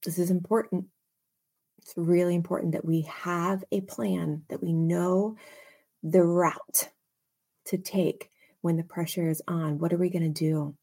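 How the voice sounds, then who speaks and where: Woman Bible teacher, slow-paced, expressive and chatty, casual study tone. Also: on the low side, slightly rough.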